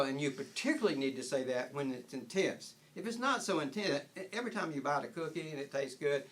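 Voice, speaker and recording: A man's voice: a little high, expressive, brisk, few pauses, a bit bright. An older man giving an informal spiritual talk, rambling with frequent restarts and chuckling at his own points. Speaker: spiritual teacher.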